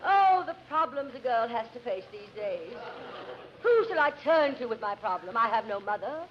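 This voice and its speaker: A woman's voice: on the high side, sing-song, moderate pace, muffled recording, some chatter behind. A woman playing a silly, melodramatic young heroine in overwrought soap-opera fashion. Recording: scratchy 1940s radio, studio audience.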